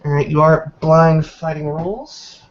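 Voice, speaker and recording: A man's voice: fairly high pitch, fairly even intonation, a little slow. A man playing a tabletop role-playing game, counting his dice rolls aloud and swearing casually as he describes his character's moves. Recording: dull lo-fi recording.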